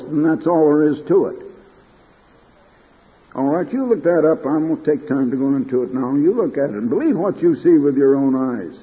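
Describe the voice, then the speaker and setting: A man's voice: fairly high pitch, expressive, normal speed, in a large hall, highs cut off. An older man preaching an emphatic broadcast sermon, his delivery rising to fervent peaks.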